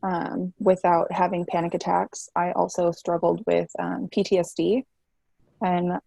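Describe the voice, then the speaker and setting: A woman's voice: fairly low pitch, level tone, unhurried, vocal fry, mellow, husky, dry recording. A woman in her twenties, a guest telling her story candidly in a chatty way, with many fillers. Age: 20s. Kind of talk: casual interview chat.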